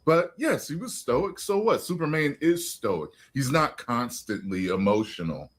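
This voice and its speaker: A man's voice: medium pitch, lively intonation, a little slow, breathy edge. A man giving his opinion in a clip, lecturing emphatically and repeating his points.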